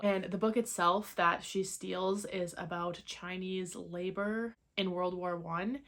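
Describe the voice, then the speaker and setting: A woman's voice: fairly low pitch, fairly bright tone. A young woman chatting casually in a reading vlog at home, talking in a loose, chatty way with lots of filler words. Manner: chatty, many "like" fillers, laughs easily. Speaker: book vlogger.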